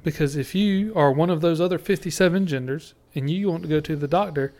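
A man, talking in a casual podcast chat. His voice sits somewhat high for a man. He is blunt, swears freely and laughs often. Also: brisk, darkish tone. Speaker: podcast co-host.

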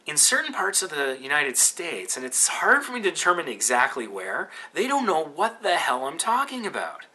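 A man's voice: a little high, huge pitch swings, normal speed, bright, forceful tone, slightly rough. A Canadian man with a Canadian accent hosting a podcast, talking in a rambling, casual way with lots of fillers and restarts. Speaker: podcast host.

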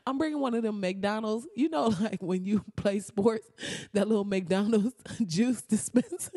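A young woman in a casual reaction vlog, talking excitedly and profanely, laughing often and slipping into mock-outraged asides. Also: medium pitch, measured pace, no room sound, studio quality. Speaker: vlogger reacting to a movie trailer.

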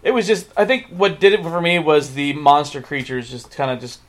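A man on a casual movie podcast, halting and restarting as he hunts for words. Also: fairly high pitch, a loud crowd.

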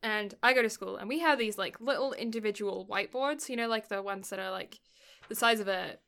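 A woman's voice: mid-range voice, a little fast, a bit bright. A young woman in casual chat, telling stories in a rambling way and often laughing between words. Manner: rambling storyteller, often laughing mid-sentence.

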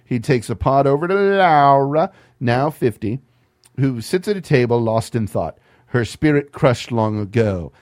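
A male host reads a screenplay aloud for laughs, breaking off into wry, sarcastic asides. His pitch moves a lot, which makes the reading sound animated. The recording is dry and close. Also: measured pace, no echo. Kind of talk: comedic script read-through.

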